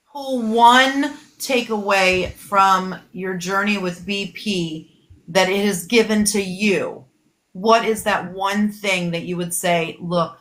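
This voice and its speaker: A woman's voice: mid-range voice, a bit bright, a little hiss or hum. A woman hosting a team Q&A on a video call, upbeat and encouraging as she brings each guest in. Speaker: team leader and host.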